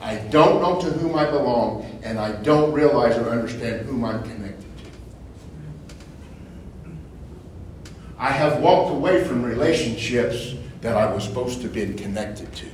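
A man preaching informally to a small group, conversational, repeating phrases and asking rhetorical questions, building to loud emphatic bursts. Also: mid-range voice, animated, unhurried, long pauses. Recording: echoey room from far off, faint noise.

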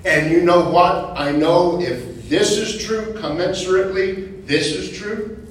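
A man preaching informally to a small group, conversational, repeating phrases and asking rhetorical questions, building to loud emphatic bursts. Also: sits high, measured pace. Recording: echoey room from far off, faint noise.

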